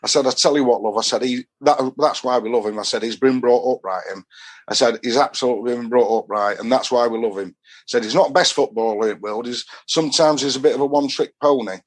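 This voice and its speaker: A talkative Yorkshire man in a casual podcast chat, spinning one rambling anecdote into the next. His voice sits at an ordinary middle pitch, and he slips into the voices of the people he quotes as he goes. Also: quick pace. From Doncaster, England. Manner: rambling storyteller who acts out quoted dialogue. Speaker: football fan guest.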